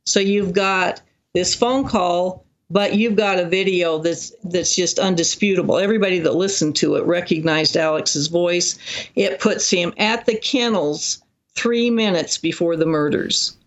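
A guest in an interview, telling a long case story in an animated, detailed way. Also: mid-range voice, measured pace.

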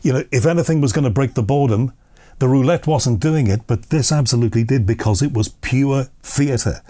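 A man's voice: medium pitch, a little fast, mellow. A man interviewing an author, asking long, curious questions that loop back on themselves. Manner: curious, rambling questions with restarts. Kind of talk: conversational interview.

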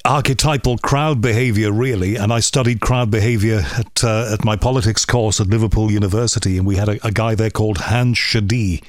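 Male host, chatty and animated with sudden pitch jumps, dry close sound. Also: brisk, few pauses, no room sound. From United Kingdom. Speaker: radio interviewer. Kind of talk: conversational interview.

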